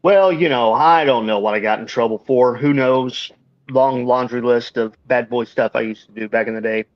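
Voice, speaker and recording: A man's voice: mid-range voice, moderate pace, no echo. Give me a rambling male co-host on a dull, dry, lo-fi line. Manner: rambling storyteller with many fillers. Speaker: radio co-host. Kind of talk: casual live-stream chat.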